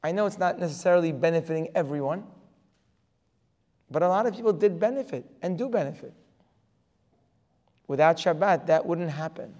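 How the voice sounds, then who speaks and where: A man's voice: a little high, lively intonation, moderate pace, pauses often, a little mellow. A man giving a religious lecture as a Torah teacher, emphatic and full of rhetorical questions. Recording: long reverb of a hall.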